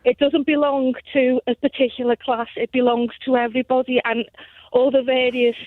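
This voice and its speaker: High-voiced Scouse woman on the phone. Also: level tone, no room sound. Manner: earnest, halting, searching for words. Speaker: radio phone-in caller. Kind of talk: casual phone-in chat. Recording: tinny phone line.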